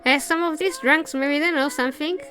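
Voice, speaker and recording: A woman reading the lines of a gruff, scornful male tavern barkeep in a game, in a blunt, sneering manner. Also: sits high, steady tone, brisk, sharp tone. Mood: dismissive.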